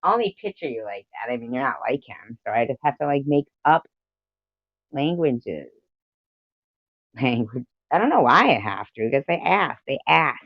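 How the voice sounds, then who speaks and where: A woman's voice: rumbling low, sing-song, moderate pace, no echo. A middle-aged woman hosting a casual livestream, reading chat messages aloud, giggling often and swearing freely. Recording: dull lo-fi home stream audio.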